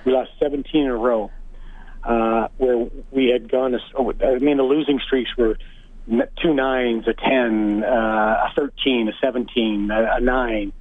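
Over a thin, phone-like line, a man tells hockey stories in a relaxed, chatty way. He laughs between anecdotes and sounds like a former coach calling in to a radio show. The sound is close and dry, with no room around him. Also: mid-range voice, measured pace, no echo. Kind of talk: casual storytelling on sports radio. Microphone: phone call.

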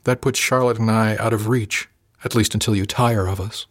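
A man voicing a smug, playful young female crew member in an audiobook, lifting his voice higher for her teasing lines. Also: fairly even intonation, moderate pace, no room sound, clean studio sound, lightly acted.

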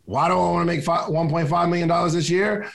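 A man's voice: high voice, fairly even intonation, fast talker, creaky. A man giving a casual motivational talk, talking conversationally, repeating key questions and laughing at himself. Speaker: motivational speaker.

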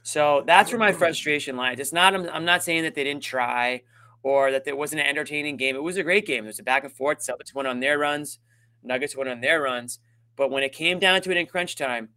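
The man's voice is mid-range and sharp as he co-hosts a postgame show. Emphatic and frustrated, he vents about the game during the sports analysis chat.

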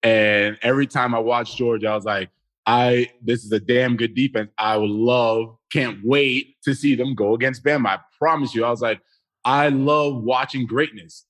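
A man, a former football player, telling a game story as a podcast guest in a blunt, emphatic and animated way. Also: mid-range voice, moderate pace. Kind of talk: casual sports talk.

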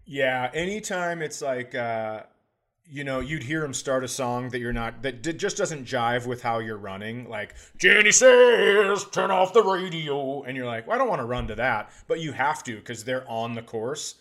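A man's voice: mid-range voice, moderate pace, fairly bright tone. A man co-hosting a podcast in casual comedic chat, ranting with profane exaggeration. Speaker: podcast co-host.

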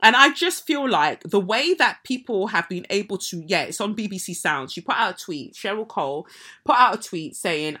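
A woman hosting a podcast, giving opinionated, sarcastic commentary on celebrities in an animated rant. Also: mid-range voice, moderate pace. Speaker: podcast host.

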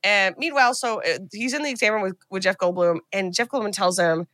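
A woman podcast co-host recapping a movie in a casual, profane, animated storytelling way. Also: medium pitch, fairly quick, few pauses, no room sound.

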